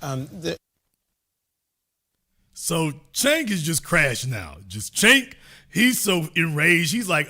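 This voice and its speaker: A man's voice: a little high, huge pitch swings, sharp tone. A man hosting a political commentary show, talking in a folksy, teasing way. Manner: folksy, teasing, drawn-out remarks. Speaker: show host.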